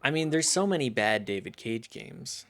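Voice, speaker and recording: A man streaming a game, chatting casually with a rambling, self-deprecating manner and vocal fry. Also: mid-range voice, lively intonation, normal speed, fairly bright tone, dry recording. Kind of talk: casual gaming chat.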